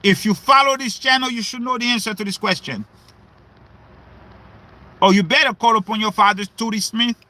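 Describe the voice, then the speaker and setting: Very high-voiced man preaching. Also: moderate pace, pauses often. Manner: questions the audience, repeats himself, breaks into shouts. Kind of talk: livestream sermon.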